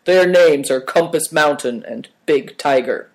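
Brief: calm, condescending storybook boss, read by a male narrator. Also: fairly high pitch, a little slow. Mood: smug. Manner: condescending, smooth.

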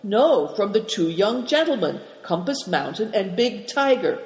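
A sly, wheedling male dealer, played by the reader who whines and haggles. The voice sits high for him and echoes through a large hall with long reverb. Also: sing-song, a little slow. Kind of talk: storybook reading.

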